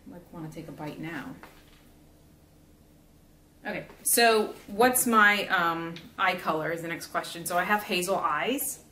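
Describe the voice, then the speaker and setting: This vlogger, a young woman from South Florida, talks casually and rambles with frequent fillers as she assembles a gingerbread house. Her voice is fairly low, unhurried, bright and forceful, captured in an echoey room over a faint hiss.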